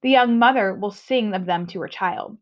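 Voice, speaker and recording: A woman teacher voicing a patient, steady woman from a legend, reading her lines calmly aloud. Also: mid-range voice, moderate pace, natural voice. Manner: calm storybook read-aloud. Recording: dull lo-fi recording.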